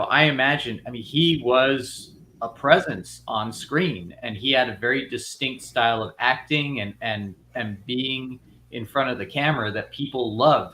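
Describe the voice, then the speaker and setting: Guy rambling on a panel show, bright forceful voice, lots of restarts, faint hiss behind. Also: medium pitch. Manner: rambling, many restarts and fillers. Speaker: filmmaker guest. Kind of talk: casual panel discussion.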